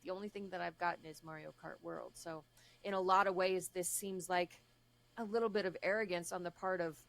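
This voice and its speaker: A woman's voice: on the low side, fairly even intonation, brisk, gravelly, fairly bright tone, no room sound. A woman co-hosting a gaming podcast, chatting casually with a wry, sarcastic edge. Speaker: podcast co-host. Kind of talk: casual chat.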